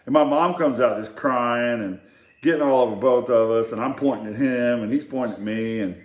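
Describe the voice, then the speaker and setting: An older man casually telling family stories, in a rambling, halting way with many fillers and restarts. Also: mid-range voice. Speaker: storyteller. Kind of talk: casual storytelling. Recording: echoey room.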